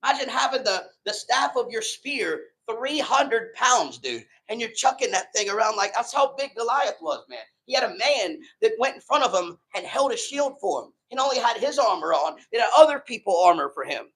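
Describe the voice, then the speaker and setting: A man's voice: very high-pitched, animated, normal speed, few pauses, a bit bright, husky, rough recording. A man preaching a sermon in a loose, slangy way, retelling stories with quoted voices. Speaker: pastor.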